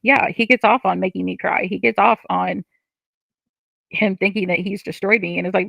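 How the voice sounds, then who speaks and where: A woman's voice: mid-range voice, fairly even intonation, moderate pace, creaky, a bit bright, dry recording. A woman on a livestream, reading chat comments and ranting in frustration, swearing often.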